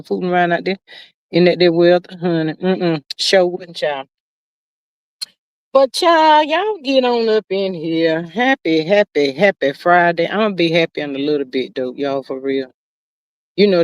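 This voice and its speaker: A woman's voice: fairly low pitch, no room sound. An older woman hosting a casual gossip livestream, drawling and calling listeners child and honey. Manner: folksy, drawn-out, calls listeners child and honey. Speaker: livestream host.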